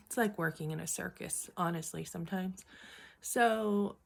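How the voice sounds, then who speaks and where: A woman's voice: fairly low pitch, unhurried. Chatty woman telling a work story. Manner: chatty, animated retelling with acted quotes; clears throat often. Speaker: vlogger. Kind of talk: casual storytelling.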